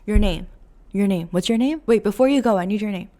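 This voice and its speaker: A woman's voice: fairly high pitch, lively intonation, a little mellow. Pushy church lady the way a woman acts her out, nosy, firing off question after question. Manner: insistent rapid questioning.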